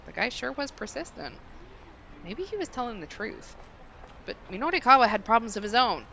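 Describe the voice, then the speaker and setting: A woman streamer reading a visual novel aloud, expressive and quick to laugh. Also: on the high side, gravelly, a little hiss or hum. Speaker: streamer, co-host.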